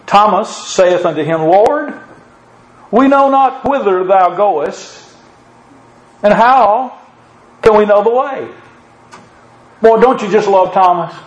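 A man's voice: high-pitched, lively intonation, takes it slowly, long pauses, echoey room, low-quality recording. A man preaching a sermon, quoting scripture with an emphatic, rising cadence.

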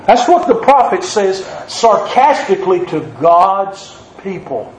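A man preaching a sermon, reading scripture slowly and then asking the congregation questions with a joke or two. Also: high-pitched, lively intonation, reverberant, a little hiss or hum, poor audio. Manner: reads scripture slowly, then jokes and asks the crowd questions.

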